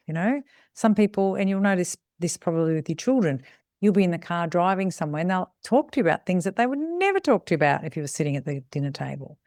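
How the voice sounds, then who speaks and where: A woman's voice: lowish voice, darkish tone, no room sound, clean studio sound. A middle-aged woman, a salon business mentor, talking bluntly and casually and acting out bits of dialogue, with the odd swear word. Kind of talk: casual podcast talk.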